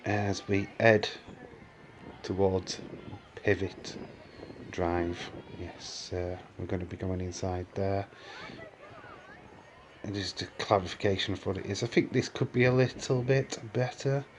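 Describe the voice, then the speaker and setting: Low-voiced man vlogging on a tour. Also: steady tone, a little slow, a little hiss or hum. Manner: rambling, many fillers and restarts, chuckles often. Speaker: vlogger touring a film studio. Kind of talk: casual walking-tour narration. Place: outdoor and indoor studio tour sets.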